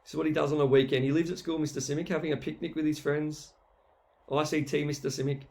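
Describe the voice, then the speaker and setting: A man's voice: fairly high pitch, little pitch movement, fast talker, creaky, a little mellow. A man giving playful, teasing mock football commentary over a video as a voice-over.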